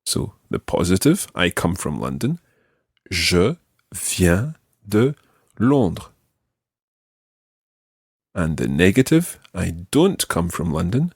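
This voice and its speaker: A Scottish man teaching a language lesson, patiently modelling phrases slowly for the learner to repeat. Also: sits low, very animated, husky, no echo, studio quality. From Scotland. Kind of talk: slow, clear language lesson.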